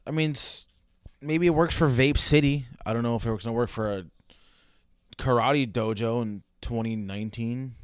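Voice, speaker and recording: A man's voice: medium pitch, normal speed, clean tone, no room sound, clean studio sound. A young man giving casual, sarcastic reaction commentary with heavy swearing and rambling asides. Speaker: reaction video host.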